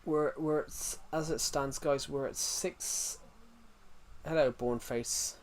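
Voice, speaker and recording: A man's voice: a little high, fairly even intonation, takes it slowly, slight background noise. A man streaming live, chatting casually, reacting to chat and rambling through restarted sentences.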